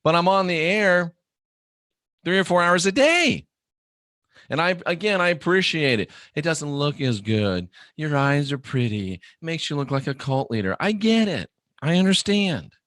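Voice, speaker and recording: Blunt, animated man host. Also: on the high side, unhurried, no echo, studio quality. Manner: blunt, animated, swings into loud mock shouting. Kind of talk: live online show monologue.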